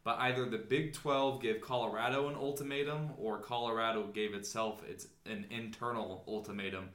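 Energetic man hosting a sports podcast. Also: medium pitch, moderate pace, echoey room. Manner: energetic, upbeat, explains at length. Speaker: podcast co-host. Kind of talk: casual sports podcast chat.

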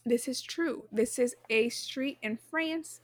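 A woman's voice: on the high side, slow, no room sound. A woman co-hosting a casual podcast chat, rambling with fillers and restarts and laughing easily. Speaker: podcast co-host reading the quiz.

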